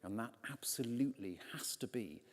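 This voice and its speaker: A man, a vicar, preaching a conversational sermon from a pulpit, telling the story with lively quoted voices. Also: medium pitch, moderate pace. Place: large stone church, in a pulpit. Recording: long church reverb.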